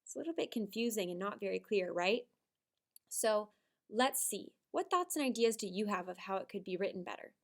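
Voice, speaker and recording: A woman teaching first graders a writing lesson, animated and sing-song, with dramatic emphasis. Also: mid-range voice, brisk. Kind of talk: video writing lesson for young children.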